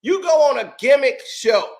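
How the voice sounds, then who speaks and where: Guy ranting hard, real high voice, shouts and repeats himself. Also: animated, normal speed. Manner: angry, shouting, repetitive. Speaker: commentary channel host. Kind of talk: heated commentary rant.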